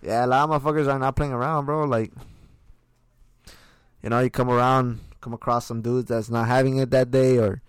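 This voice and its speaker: A man's voice: mid-range voice, fairly even intonation, a little fast, smooth, no room sound. A young man in casual chat, slangy and profane, calling everyone "bro" as he rants.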